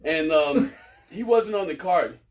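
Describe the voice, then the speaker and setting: A man, a professional wrestler telling a profane story in a casual interview, loud, laughing and acting out the quotes. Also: lively intonation, takes it slowly, far from the mic. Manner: loud, laughing, acts out quotes with big pitch jumps.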